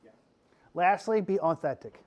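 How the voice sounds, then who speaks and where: A middle-aged Pennsylvania man who hosts a podcast gives a lively classroom talk, goofy and animated, frequently checking in with "okay?". His voice is high, his speed normal, and the sound lo-fi.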